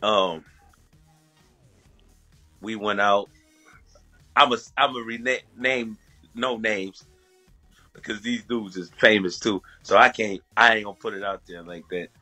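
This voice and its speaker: A man's voice: fairly low pitch, steady tone, measured pace, long pauses, sharp tone, faint music behind. A man from the USA telling a story as a guest, casual and profane, often laughing between lines.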